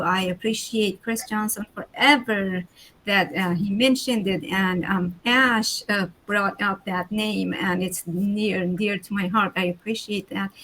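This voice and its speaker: A woman's voice: medium pitch, a bit bright, slight background noise, low-quality recording. A woman speaking nervously and politely, thanking others on a group video call. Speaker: guest.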